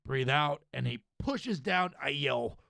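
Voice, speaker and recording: A young podcast host who also wrestles tells a story in a relaxed chat, animated and peppering it with "right?" and "dude." His medium-pitched voice is creaky and he speaks slowly. Background noise can be heard behind him.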